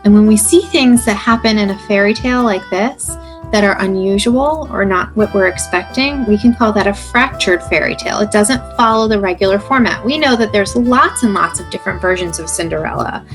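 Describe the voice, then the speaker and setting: A woman's voice: mid-range voice, normal speed, faint music behind. A woman kindergarten teacher reading a picture book aloud to children and explaining as she goes. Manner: animated, expressive, explains to kids.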